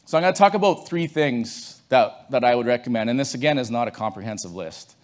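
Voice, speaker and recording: A man from Canada speaks to a conference room in a relaxed storytelling way, pitched right in the middle for a man. He often doubles back and restarts his sentences as he talks things through with the audience. His delivery sounds unscripted and friendly rather than polished. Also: brisk. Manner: conversational storytelling, many restarts. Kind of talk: conference talk.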